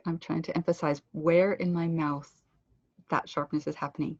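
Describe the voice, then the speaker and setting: Canadian woman, pronunciation teacher, husky voice, dry close sound, clear drilled delivery. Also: deep voice, fairly even intonation, moderate pace, no room sound, dull audio. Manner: clear instructive delivery, drawing out words for drill. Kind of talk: web conference lesson.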